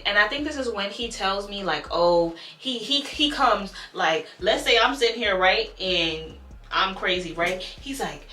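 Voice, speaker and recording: A young woman tells a storytime with an animated, blunt delivery and swears freely. Her voice is bright and forward, and the room gives it a noticeable echo. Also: mid-range voice. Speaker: YouTuber telling a storytime. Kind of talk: casual storytime vlog.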